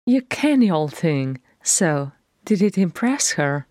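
A woman reader voicing a brash, loud younger sister who teases gleefully, in a fan-read audiobook. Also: on the low side, very animated, slow pace, no room sound, studio quality. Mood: teasing.

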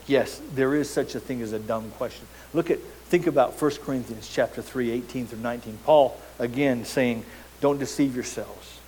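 A man's voice: mid-range voice, a little mellow, slight background noise, rough recording. A man preaching a sermon as pastor, emphatic, posing rhetorical questions and repeating words as he goes.

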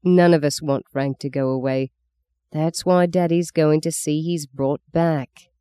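Storybook mother, curt and weary, slow and low, voiced by the reader. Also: fairly even intonation, mellow, clean tone, no echo, clean studio sound, lightly acted. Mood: terse.

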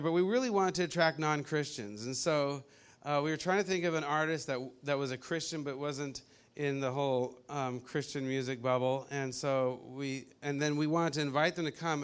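A man casually telling a personal faith story, animated and often laughing as he acts out what people said. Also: on the high side, clear, resonant tone.

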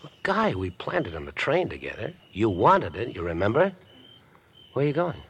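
An actor playing an unhinged, smooth-talking young man in an old radio drama, with a husky, insinuating manner. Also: lowish voice, wildly swooping pitch, normal speed, exaggerated voice. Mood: creepily calm. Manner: insinuating, overly friendly. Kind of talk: 1950s radio drama acting.

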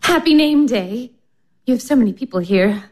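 A flustered, fluttery young guest. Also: female voice, on the high side, animated, moderate pace, a little mellow. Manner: nervous, fluttery. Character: flustered, self-conscious young woman guest.

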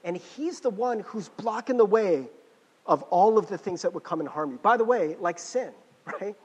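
A man preaching a sermon as a pastor, talking in a casual, animated way with frequent restarts and fillers. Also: high-pitched, moderate pace, breathy edge, big-room sound, highs cut off.

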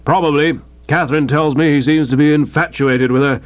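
Man putting on a booming, brusque aunt. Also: fairly even intonation, fairly quick, no echo, highs cut off, lightly acted. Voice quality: loud, ringing and blunt.

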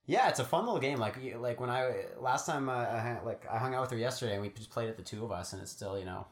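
A man's voice: mid-range voice, fast talker. A young man co-hosting a podcast, chatting in a laid-back way with dry humor and plenty of fillers. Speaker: podcast co-host. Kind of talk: casual chat. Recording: roomy echo.

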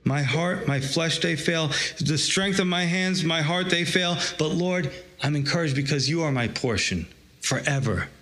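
Man preaching a sermon, higher voice. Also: normal speed, a bit bright. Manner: preaching, quoting scripture with rising emphasis. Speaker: pastor.

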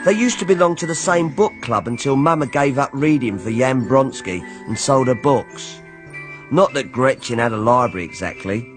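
A man's voice: medium pitch, expressive, normal speed, soft background music, natural voice. An actor narrating as a wry grown man recalling his childhood, in dry, ironic tones, for a radio drama.

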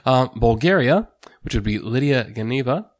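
A woman co-hosting a relaxed review chat, her voice extremely low for a woman. She talks in a measured, steady way and keeps the running order moving. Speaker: podcast co-host. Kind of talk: casual chat reviewing performances.

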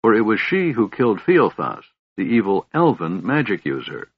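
Man doing a grumbling old dwarf, blunt and gruff, husky, lo-fi sound. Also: lowish voice, wildly swooping pitch, moderate pace, no room sound, exaggerated voice. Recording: dull, lo-fi audiobook recording.

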